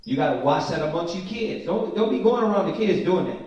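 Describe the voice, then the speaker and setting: A man teaching a Bible study, reading scripture slowly and with emphasis, then breaking into casual, slangy commentary. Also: sits high, lively intonation, darkish tone, dull audio. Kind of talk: informal scripture study sermon. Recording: very echoey room from a distant mic.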